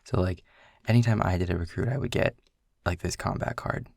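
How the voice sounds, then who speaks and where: Low gravelly young man, rambling. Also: a little fast, a little mellow. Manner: rambling, explaining game rules with filler words. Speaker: audio role-play creator. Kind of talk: casual boyfriend role-play.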